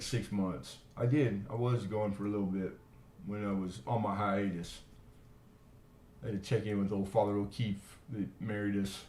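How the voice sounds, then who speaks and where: A man's voice: on the low side, a little mellow. A man hosting a live coin auction, chatting casually and rambling into stories between bids. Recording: echoey room.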